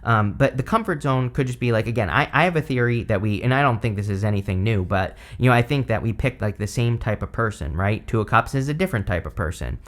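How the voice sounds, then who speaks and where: A man in his thirties talks through a tarot spread in a loose, chatty way. His voice is a little hoarse, as if he is losing it. He rambles and keeps leaning on fillers like "like" and "you know". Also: on the low side, animated, fast talker, hardly any pauses, a bit bright. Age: 30s. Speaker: tarot reader. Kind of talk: casual tarot reading.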